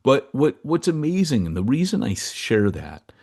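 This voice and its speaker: A man's voice: mid-range voice, moderate pace. A man co-hosting a podcast, telling stories in casual, slangy chat with lots of asides. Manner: animated storyteller, slangy, fond of asides. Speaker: podcast co-host.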